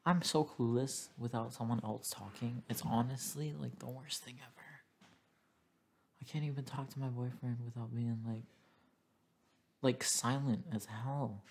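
A woman's voice: extremely low pitch, steady tone, measured pace, husky. A woman co-hosting a casual podcast, rambling and swearing freely, often trailing off mid-sentence. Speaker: podcast co-host. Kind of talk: casual chat.

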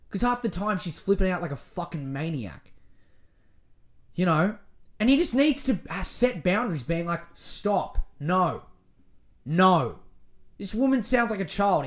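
A podcast host rambling through a casual solo monologue, swearing freely and poking fun at themselves. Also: medium pitch. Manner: profane, rambling, self-mocking; lively, swings between mutters and outbursts.

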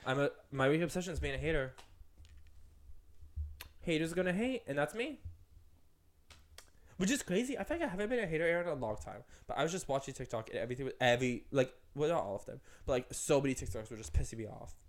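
A man's voice: on the high side, fast talker, pauses often. A man in his twenties co-hosting a casual podcast chat, ranting with lots of fillers. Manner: ranting, animated, full of "like". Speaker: podcast co-host.

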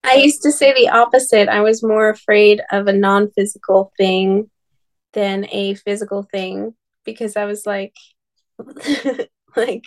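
Woman, podcast co-host, casual chat, slow delivery, mid pitch. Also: fairly even intonation, poor audio. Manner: drawn-out, swears casually.

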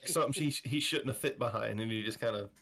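A man's voice: mid-range voice, fast talker, creaky, fairly bright tone. A man co-hosting a casual film review podcast, blunt and profane. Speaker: podcast co-host.

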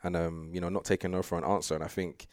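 A man's voice: sits low, fast, no echo, clean studio sound. A young man, chatting loosely as an interview guest, with plenty of fillers. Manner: relaxed, rambling, full of fillers and laughs. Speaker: guest sprinter. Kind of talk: casual interview chat.

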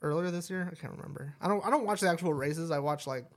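A man's voice: fairly high pitch, fast. A young man co-hosting a podcast in loose casual chat, rambling, swearing and trailing off as he searches for words. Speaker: podcast co-host.

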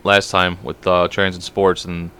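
A young man co-hosting a casual podcast, telling stories in an animated way and swearing a lot. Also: low-pitched, clear, resonant tone. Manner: fast, animated storytelling with lots of swearing. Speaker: podcast co-host.

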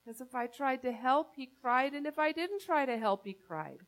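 A woman's voice: sits high, expressive, moderate pace. A woman pastor preaching a sermon, telling a personal story in a conversational, earnest way.

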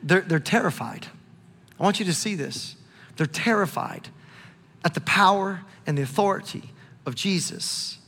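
Animated high-voiced male pastor preaching. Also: normal speed, long pauses, husky, in a large hall. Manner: animated, conversational preaching with repeated calls to look. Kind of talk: sermon.

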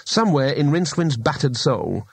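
A man's voice: fairly high pitch, big pitch swings, moderate pace, vocal fry, breathy edge, no echo. A man narrating a comic fantasy audiobook in a dry, wry storytelling manner. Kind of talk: scripted narration.

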